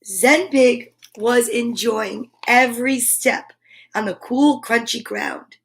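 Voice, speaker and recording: A woman reading a children's picture book aloud on a livestream, gentle and enthusiastic, often dropping to a whisper. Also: on the high side, slow. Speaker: storyteller.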